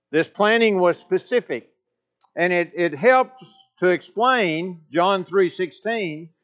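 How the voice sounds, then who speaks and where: A man preaching a sermon, leaning hard on key points and pushing his voice up to stress them. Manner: emphatic, with pitch rising on key points. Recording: dull lo-fi recording.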